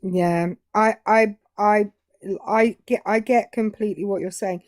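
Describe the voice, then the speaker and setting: A woman's voice: medium pitch, steady tone, unhurried, a little mellow, dry recording, studio quality. A woman from Britain co-hosting a live stream, chatting and telling stories. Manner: chatty, storytelling. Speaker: stream co-host. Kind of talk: casual live stream chat.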